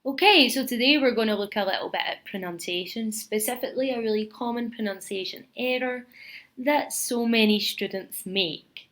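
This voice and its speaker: A woman's voice: on the high side, normal speed, a bit bright, low-quality recording. Scottish woman teaching pronunciation. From Scotland. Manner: patient, explains step by step with spoken examples. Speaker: English teacher and podcast host. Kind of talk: podcast pronunciation lesson.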